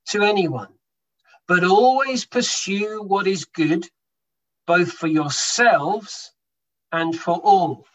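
A man preaches to his congregation in a low-quality recording, his voice sitting high. He's emphatic, letting his volume swell and drop to underline what he says.

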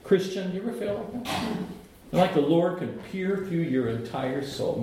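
A middle-aged male pastor preaching with lively storytelling and playful asides. His voice sits a bit high for a man and booms through a very echoey sanctuary, with a faint murmur of room ambience. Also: moderate pace, a little hiss or hum. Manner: animated storytelling with humor and asides. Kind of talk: sermon. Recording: echoey church hall.

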